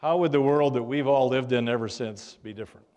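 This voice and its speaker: A man's voice: mid-range voice, fairly quick, darkish tone. An older man, a history professor, giving a public lecture in a room with an audience, telling anecdotes with a wry, dry humor and frequent fillers.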